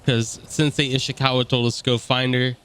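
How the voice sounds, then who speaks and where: A man's voice: mid-range voice, little pitch movement, a little fast, fairly bright tone, clear, resonant tone. A man giving casual, joking let's-play commentary over a game, full of slang and mocking asides. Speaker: gameplay commentator.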